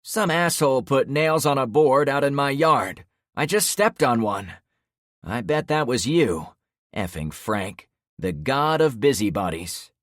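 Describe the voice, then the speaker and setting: A man voicing a hostile, volatile young male party guy who taunts and shouts insults. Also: a little high, lively intonation, measured pace, gravelly, few pauses, dry recording, studio quality, pitched above the performer's own voice. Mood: raging, taunting.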